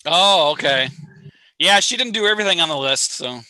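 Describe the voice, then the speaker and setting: A man's voice: on the high side, expressive, moderate pace, sharp tone, no echo. A man hosting an online astronomy viewing session, chatting casually and rambling with a self-deprecating sense of humor. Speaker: astronomy outreach host. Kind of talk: casual livestream chat. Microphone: online call mic.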